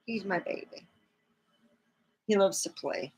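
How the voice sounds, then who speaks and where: Woman streamer, relaxed rambling chat about her pet, slow delivery, slightly low voice. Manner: rambling and affectionate, talking to her cat. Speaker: livestream host. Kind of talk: casual chat on a livestream.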